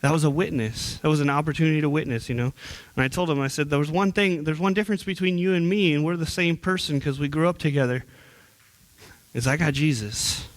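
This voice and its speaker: Young male youth minister, slightly high-pitched, preaching in church in an earnest, conversational style with frequent restarts. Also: quick pace. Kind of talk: sermon.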